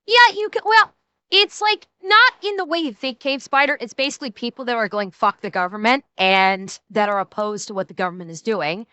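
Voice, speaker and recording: Woman streamer, high bright voice, animated, rambling, profane, dry close sound. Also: brisk, clean tone, no echo. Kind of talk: casual reaction-stream chat.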